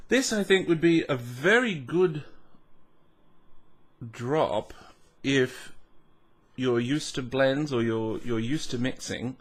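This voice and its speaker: A man's voice: medium pitch, lively intonation, slow. A man hosting a casual tasting vlog, musing aloud with hums, restarts and self-mocking asides. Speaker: whisky reviewer.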